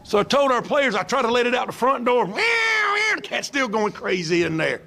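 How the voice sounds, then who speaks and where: Male coach, quick animated storyteller, high lively voice, faint music behind. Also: creaky. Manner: fast, animated, imitating a cat. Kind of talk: anecdotal storytelling.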